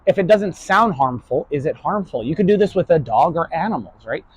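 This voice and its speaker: Husky guy from new york lecturing his online class, kinda high voice, blunt, swears a lot, keeps saying right?. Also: animated, fairly quick, no room sound. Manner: blunt, tags nearly every point with "right?"; swears freely. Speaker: online philosophy class host. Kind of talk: casual lecture to camera.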